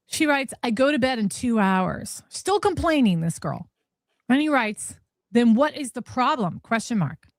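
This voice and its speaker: A woman's voice: fairly high pitch, big pitch swings, a little slow, no room sound, studio quality. Incredulous woman reading texts aloud. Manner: incredulous, laughing. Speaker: commentary host.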